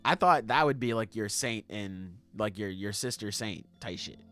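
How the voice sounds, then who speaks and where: A man co-hosting a casual chat podcast, excitable and slangy, laughing often. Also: on the low side, moderate pace, soft background music. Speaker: podcast co-host.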